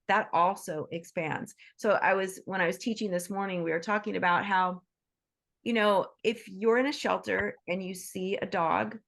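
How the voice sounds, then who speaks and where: A woman's voice: fairly low pitch, gravelly, a bit bright. A woman hosting an online group session, talking in an enthusiastic, chatty way with many restarts and asides. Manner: acts out quoted voices in bursts. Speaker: workshop host. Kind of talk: casual talk to an online group.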